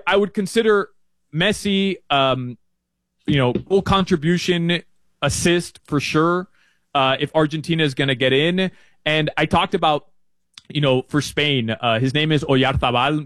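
A man talking casually as a soccer betting analyst, chatty and prone to jumping up in pitch when excited. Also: unhurried, no echo. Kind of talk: casual sports betting chat.

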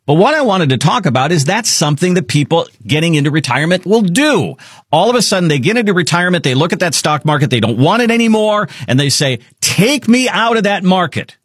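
A man's voice: fairly high pitch, big pitch swings, quick pace, slightly rough, dry recording, clean studio sound. A man hosting a financial radio show with an upbeat, salesy delivery. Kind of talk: talk radio with promotional read.

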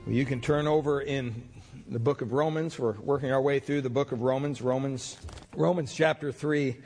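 A man's voice: mid-range voice, fairly even intonation, normal speed, darkish tone, slightly rough, faint music behind. Folksy storytelling pastor, a man. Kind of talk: sermon.

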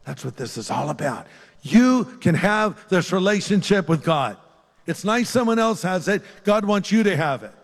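An older man preaching to a congregation, his slightly high voice carrying a long reverb through a big hall. He pleads earnestly, lifting on the words he stresses and falling quiet and gentle when he turns to prayer. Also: animated, moderate pace, vocal fry. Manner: earnest, pleading, lifts his voice on key phrases and drops soft for prayer. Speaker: pastor. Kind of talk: sermon closing in an altar-call prayer. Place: large church hall with a live congregation.

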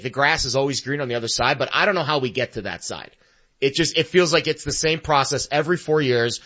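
A man's voice: medium pitch, sharp tone. Man co-hosting sports talk on a dull line. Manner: rambling, halting restarts. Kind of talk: casual sports radio talk.

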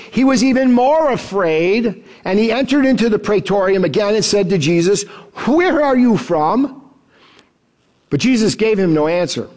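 A man preaching an expository sermon. He reads the passage and acts out the quoted lines, then drops his voice for asides. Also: high-pitched. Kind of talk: sermon, expository Bible teaching.

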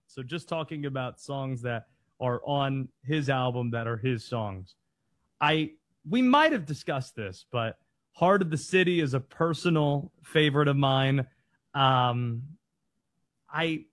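A man's voice: a little high, big pitch swings, unhurried, a bit bright, no echo, studio quality. A man co-hosting a casual podcast, joking and self-mocking. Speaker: co-host.

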